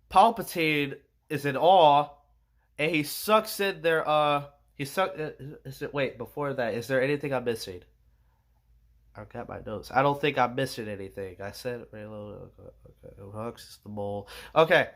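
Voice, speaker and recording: A man's voice: mid-range voice, fairly bright tone. A young man ranting casually about a movie he saw, rambling with many fillers and slang and sounding exasperated. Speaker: movie reviewer.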